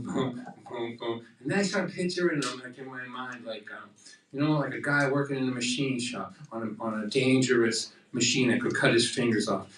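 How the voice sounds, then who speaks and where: An older man performing live storytelling comedy, animated and acting out voices and heartbeat sounds. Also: mid-range voice, reverberant, far from the mic, a little hiss or hum, low-quality recording. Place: coffeehouse stage.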